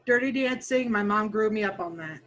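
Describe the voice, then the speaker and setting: A woman's voice: mid-range voice, fairly quick, a bit bright, rough recording. A woman guest on a podcast, a dungeon master speaking candidly in casual chat with dry chuckles.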